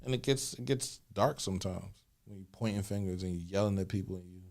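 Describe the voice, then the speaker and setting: Man in his forties, podcast co-host, gravelly texture, loose slangy delivery with repeated restarts. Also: low-pitched, quick pace, darkish tone. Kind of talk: candid podcast conversation.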